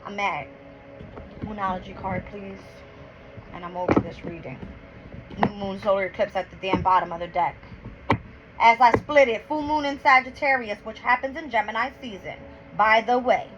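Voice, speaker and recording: A woman's voice: mid-range voice, normal speed, over music. A woman doing a casual tarot and astrology reading, counting cards aloud and getting heated, blunt and full of swearing. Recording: dull lo-fi with clear background noise.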